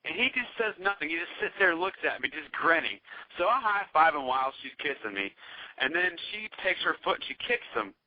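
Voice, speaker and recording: A man with a slightly high voice and a fairly quick pace tells a wild story as a podcast guest, swearing freely and acting out other people's voices. He's animated and casual. The audio is dull, dry and lo-fi, with no echo.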